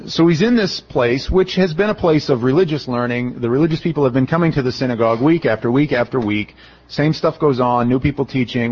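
A man's voice: mid-range voice, brisk, highs cut off. A middle-aged man as a pastor giving a conversational sermon, acting out the voices of the people he quotes. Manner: conversational, acts out quoted voices, animated retelling. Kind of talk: expository sermon.

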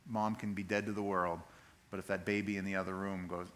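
A man preaching a sermon, telling the story in a lively way and acting out the voices of the people in it. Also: sits low, brisk. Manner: animated storytelling, acts out voices. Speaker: pastor.

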